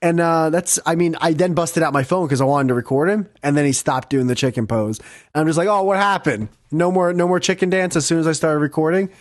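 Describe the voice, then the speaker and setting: A young man chats into a podcast mic, excitable and quick to laugh, with plenty of swearing. His voice sits a bit high, and the sound is dry and close. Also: no echo. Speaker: podcast host. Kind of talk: casual storytelling chat.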